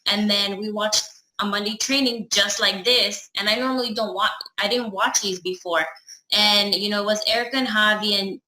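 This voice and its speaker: Bright-voiced chatty woman telling a story. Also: mid-range voice, fairly even intonation, normal speed, echoey room, a little hiss or hum, low-quality recording. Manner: chatty, acts out her own and others' dialogue. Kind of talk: casual personal storytelling.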